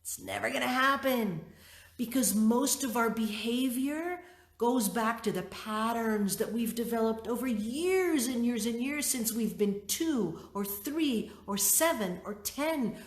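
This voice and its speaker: A middle-aged woman leading a workshop, teaching and telling a personal story in an expressive way, acting out her own thoughts. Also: on the high side. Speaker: workshop leader. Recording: roomy echo.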